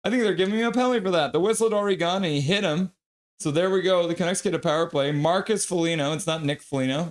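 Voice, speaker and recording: A man streaming live hockey play-by-play, excitable and profane, reading viewer chat aloud between calls. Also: fairly high pitch. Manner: excitable, swears, reads chat comments aloud.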